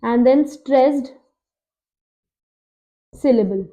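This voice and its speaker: A woman with an Indian English accent gives an exam-prep lecture on poetry. Her voice sits high, and she asks questions and answers them herself. She drags out and repeats the key terms. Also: mellow. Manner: quizzing, repeats key facts, slows to stress terms. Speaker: teacher.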